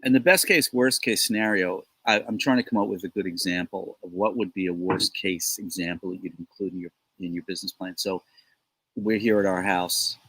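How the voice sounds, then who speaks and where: A man's voice: low voice, fairly even intonation, a little fast, a bit bright, breathy edge, no room sound, rough recording. A middle-aged man co-hosting a casual business chat, talking in a loose, rambling way with joking asides, recorded outdoors on his home deck. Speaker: co-host.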